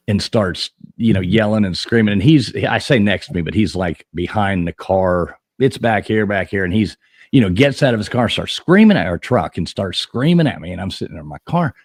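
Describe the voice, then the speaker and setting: A man with a lowish voice spins a rambling, profane road story in a relaxed podcast chat, chuckling along the way. The sound is dry and close, with no room around it. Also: no echo.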